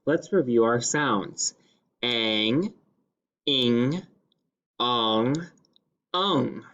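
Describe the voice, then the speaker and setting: A male teacher leading a phonics lesson, sounding out each word slowly and deliberately. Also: medium pitch, expressive, fairly bright tone. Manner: slow, deliberate sounding-out of words. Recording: slightly dull lo-fi classroom recording.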